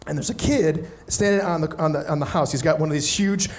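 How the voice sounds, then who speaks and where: A man's voice: on the high side, brisk. A man doing stand-up, telling a story with energy and acting out the other people in it. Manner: animated, acts out other people's voices. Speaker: stand-up comedian.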